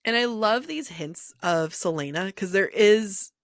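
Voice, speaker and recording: A woman's voice: medium pitch, animated, unhurried, no room sound, studio quality. A woman co-hosting a book podcast, talking through a novel in a thoughtful, conversational way. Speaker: podcast co-host. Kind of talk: casual book discussion.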